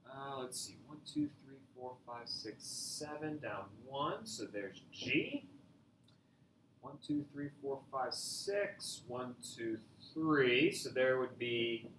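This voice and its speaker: A male math teacher records a video lesson, talking straight to his students in an upbeat, joking way. His voice sounds very bright, and his pitch rises and falls a lot. A faint hiss of noise runs under the recording. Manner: upbeat, joking, talks to viewers directly.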